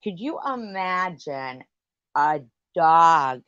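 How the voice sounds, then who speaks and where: Woman host, deep and slow-talking, swearing through a loose, rambling late-night stream rant on dull lo-fi audio. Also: animated, a bit bright, smooth, dry recording. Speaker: livestream host.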